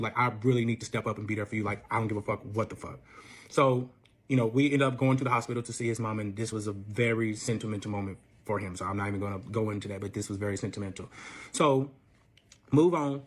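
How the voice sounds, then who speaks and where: A young man rattles through a personal story at a brisk, tumbling pace. His talk is casual and full of swearing. He acts out the people he quotes by lifting his voice. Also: medium pitch. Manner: profane, animated, acts out quotes in a raised voice. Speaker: storyteller guest.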